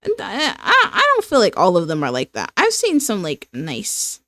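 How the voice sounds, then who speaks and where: A woman's voice: medium pitch, wildly swooping pitch, normal speed, a bit bright, dry recording, clean studio sound. A young woman chatting casually as she draws on a stream, rambling with lots of fillers and breaking into laughs. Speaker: streamer and illustrator. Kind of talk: casual chat while drawing.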